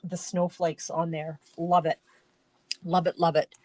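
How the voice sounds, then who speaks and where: Slow-talking, chatty woman crafting host. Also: on the low side, little pitch movement, darkish tone, dry recording. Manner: chatty, rambling, self-interrupting. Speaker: card-making host. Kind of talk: casual live-stream chat.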